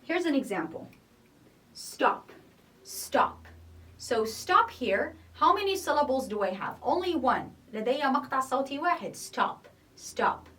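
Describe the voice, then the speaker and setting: A woman's voice: high voice, big pitch swings, quick pace, hardly any pauses, a bit bright, distant mic. A woman teaching an English grammar lesson, explaining patiently, repeating each point and checking in with "okay?". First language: not Arabic.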